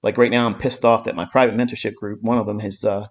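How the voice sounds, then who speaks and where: A man's voice: on the low side, little pitch movement, quick pace. A man giving a live-streamed trading lesson, talking bluntly and emphatically, swearing often and repeating his points. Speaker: trading mentor.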